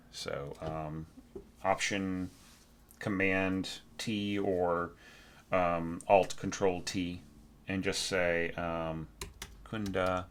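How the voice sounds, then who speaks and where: A man with a low voice and a bright, forceful edge talks through a student's orchestration. He thinks aloud with many fillers, often sings the lines as "da da da," and keeps checking in with "right?". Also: slight background noise. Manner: frequent fillers and restarts, encouraging but direct. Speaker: orchestration teacher. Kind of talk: spoken feedback lesson on a score.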